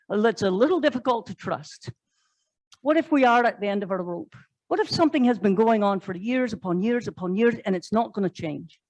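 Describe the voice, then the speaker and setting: A woman's voice: fairly high pitch, a little mellow, dry recording, poor audio. A woman pastor, preaching a sermon in a conversational way, telling stories and asking rhetorical questions. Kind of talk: sermon storytelling. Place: church.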